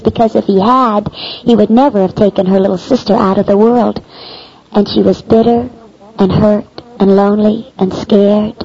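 A woman telling a personal faith story aloud in an animated way, acting out the dialogue. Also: medium pitch, normal speed. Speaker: storyteller giving a Christian testimony. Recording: dull lo-fi recording.

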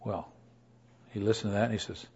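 Man, preacher, storytelling sermon, husky voice, dull lo-fi recording. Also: fairly low pitch, level tone, a little fast, darkish tone. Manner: earnest, conversational, acts out quotes.

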